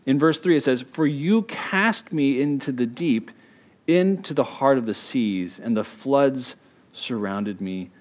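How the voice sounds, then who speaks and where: A middle-aged man preaching a sermon, telling a family story with animated quoted voices and laughter. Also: medium pitch, unhurried. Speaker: pastor.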